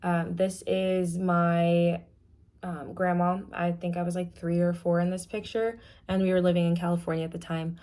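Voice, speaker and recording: A young woman giving a casual, candid class presentation, talking frankly with many fillers and often trailing off softly. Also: lowish voice, little pitch movement, normal speed. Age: young adult. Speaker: student presenter.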